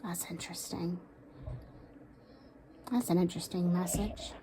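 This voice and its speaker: A woman doing a casual tarot reading, talking aloud to a spirit, with sighs, pauses and soft asides. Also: fairly low pitch, fairly even intonation, slight background noise. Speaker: tarot card reader.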